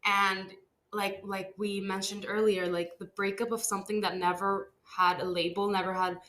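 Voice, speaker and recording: A young woman co-hosting a podcast, chatting candidly and reacting with quick exclamations. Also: medium pitch, flat delivery, fairly bright tone. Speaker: podcast co-host. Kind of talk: casual chat.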